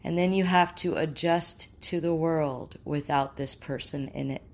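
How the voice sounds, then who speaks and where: Slow, low-voiced woman talking about grief. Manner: gentle, earnest, quotes inner thoughts. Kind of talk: reflective talk on grief.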